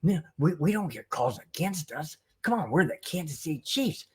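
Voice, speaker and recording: A man's voice: a little high, big pitch swings, normal speed, breathy edge, heavily acted. A man putting on the voice of a whiny, sulking football player in a mocking tone. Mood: whiny mockery. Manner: mocking, whining.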